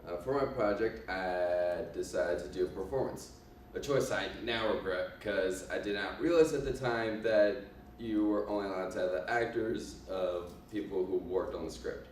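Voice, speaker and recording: A low-voiced man introduces his class project, halting and self-mocking, with lots of ums. His voice rings through a very echoey room. He sounds far from the microphone. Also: a little mellow, a little hiss or hum. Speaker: student presenter.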